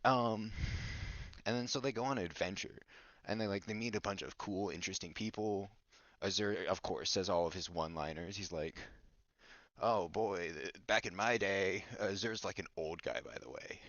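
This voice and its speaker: A low-voiced man rambles through a silly story recap in a casual podcast chat, goofy and mock-bossy. The recording is dull, lo-fi and dry, with no room sound. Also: fairly quick, fairly bright tone, no echo. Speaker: podcast host.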